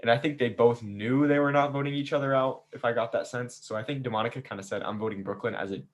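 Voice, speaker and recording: Male host, casual after-show recap, lively storyteller who voices the players. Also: mid-range voice, fast. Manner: animated storytelling, acts out players' quotes. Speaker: game host recapping a season. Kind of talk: casual chat.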